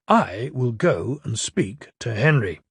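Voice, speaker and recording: A man's voice: medium pitch, big pitch swings, slow, gravelly, exaggerated voice. The Fat Controller, a stern, fussy railway boss, read by a man. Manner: severe but kindly.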